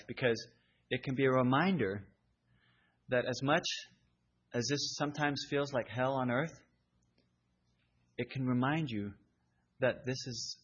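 Husky man preaching an earnest sermon. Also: medium pitch, a bit bright. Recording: dull lo-fi recording.

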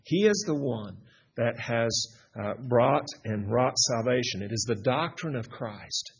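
A man preaching an expository Bible teaching, earnest and halting, with frequent restarts. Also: medium pitch, animated, gravelly, slightly rough. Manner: earnest, many restarts and fillers. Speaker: pastor. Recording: dull lo-fi recording.

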